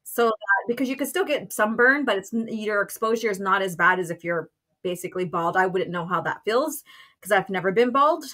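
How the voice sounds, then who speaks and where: A woman hosting a casual chat, friendly and quick to laugh. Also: mid-range voice, expressive, bright, forceful tone. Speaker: host.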